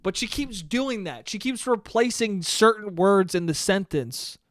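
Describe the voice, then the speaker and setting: A man's voice: high voice, expressive, unhurried, dry recording, clean studio sound. A young man in his twenties hosting a solo podcast, rambling in a sardonic, profane way. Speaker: podcast host. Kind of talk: solo comedic podcast monologue.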